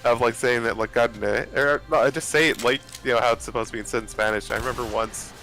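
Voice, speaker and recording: A man's voice: mid-range voice, fairly even intonation, fast, bright, forceful tone, soft background music. A man chatting casually with friends while gaming, rambling with lots of fillers and restarts, over a voice chat headset.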